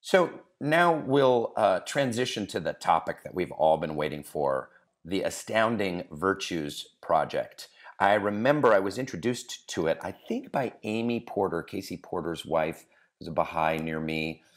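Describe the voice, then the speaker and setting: Interviewing a guest on his podcast, a man sounds animated and enthusiastic, though he searches for words and leans on fillers while shaping his questions. His voice sits low, and his pace is measured.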